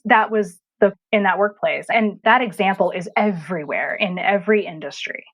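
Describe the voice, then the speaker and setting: A woman's voice: mid-range voice, fairly quick, hardly any pauses, muffled recording. A burnout coach in her thirties, a woman, talking frankly and animatedly as a podcast guest, laughing easily. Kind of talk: casual interview chat.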